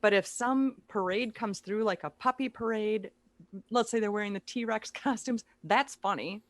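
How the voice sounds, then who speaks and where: A woman guest, a speaker and author, chatting casually with playful, quick comic quips. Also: mid-range voice, dry recording. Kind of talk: casual chat.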